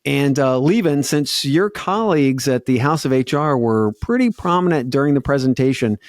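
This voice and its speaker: Man, podcast co-host, casual energetic chat, dry recording. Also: medium pitch, normal speed, dry recording.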